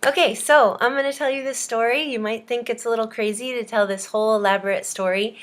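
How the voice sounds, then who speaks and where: A woman's voice: fairly high pitch, quick pace. Chatty woman teacher telling a story. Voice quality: chatty, lots of "um" and "uh", animated storytelling. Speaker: language teacher. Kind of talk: storytelling to students.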